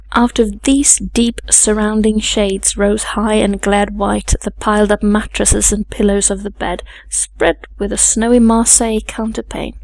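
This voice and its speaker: A woman reading a classic novel aloud as an audiobook narrator, measured and composed. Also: medium pitch, darkish tone, dry recording. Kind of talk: scripted narration.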